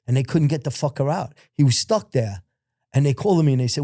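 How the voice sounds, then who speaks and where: A man's voice: mid-range voice, fast. An older man, a podcast guest, telling old crime stories in casual, profane talk and acting out the voices of others. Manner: profane, animated, acts out other people's voices. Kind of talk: casual storytelling.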